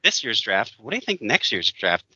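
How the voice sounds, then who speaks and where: A man's voice: lowish voice, huge pitch swings, normal speed, sharp tone, breathy edge, dry recording. A man co-hosting a casual chat, opinionated and rambling as he reviews a film, laughing often. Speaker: podcast co-host. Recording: dull dry lo-fi sound.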